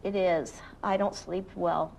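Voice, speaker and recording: A woman working as a restaurant maître d', chatting in a brisk, accommodating way. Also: fairly low pitch, steady tone, creaky, a little mellow, slight background noise, rough recording. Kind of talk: casual on-location chat.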